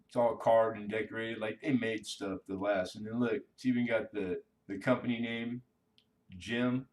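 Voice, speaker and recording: A man's voice: on the low side, fairly even intonation, moderate pace, a little mellow, far from the mic. A man hosting a casual coin-collecting live stream, chatting with viewers in a laid-back, slangy way.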